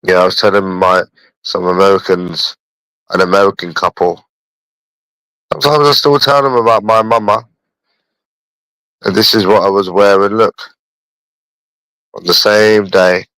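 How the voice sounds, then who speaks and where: Blunt young London man, low dry voice. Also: fairly even intonation, unhurried, long pauses, sharp tone, dry recording, rough recording. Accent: London English. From England. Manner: blunt, swearing, addresses viewers as bro. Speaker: livestreamer. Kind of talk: casual livestream chat.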